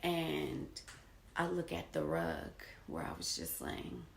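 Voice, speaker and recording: A woman telling a raw personal story in a candid, unpolished way, swinging between hushed and loud. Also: a bass voice, huge pitch swings, slow, vocal fry, roomy sound, a little hiss or hum. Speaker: storyteller sharing her own experience.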